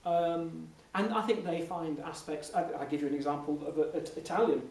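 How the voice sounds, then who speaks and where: A man, an impressionist, telling lively anecdotes to an audience in a Q&A, often restarting mid-sentence. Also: a little high, moderate pace. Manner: animated, lively storytelling with frequent restarts and laughs. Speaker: impressionist speaking as guest. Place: large hall before an audience. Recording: echoey hall, mic from a distance, faint noise.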